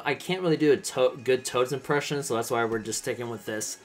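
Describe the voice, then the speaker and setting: A man's voice: medium pitch, fairly quick, few pauses, faint music behind. A man hosting a let's play, chatty and enthusiastic. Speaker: gaming channel host.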